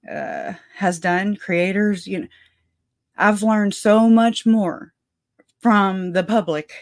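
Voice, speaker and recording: A woman's voice: medium pitch, dry recording, studio quality. A woman hosting a casual livestream, chatty and a little out of breath, laughing often and restarting her sentences. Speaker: livestream host.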